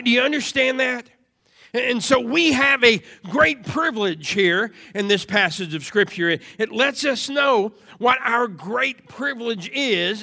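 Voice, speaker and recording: A man preaching a sermon to a congregation, moving from steady teaching into loud, emphatic repetition. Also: extremely high pitch, vocal fry. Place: church service before a congregation.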